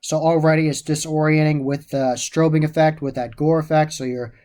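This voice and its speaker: A man's voice: fairly high pitch, fairly even intonation, brisk, a little mellow. A man giving a casual, enthusiastic spoken review of a haunted attraction, often repeating how much he loved the details.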